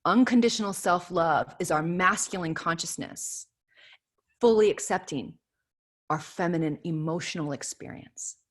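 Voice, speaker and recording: A woman's voice: fairly low pitch, moderate pace. A woman in her thirties giving an earnest inspirational spiritual talk as leader of an online prayer circle, repeating affirmations with emphasis. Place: home video call.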